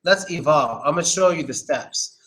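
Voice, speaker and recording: A man's voice: on the high side, animated, normal speed, a bit bright, low-quality recording. A young man giving a casual, chatty English pronunciation lesson, drilling words over and over. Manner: chatty, loose, repeats words.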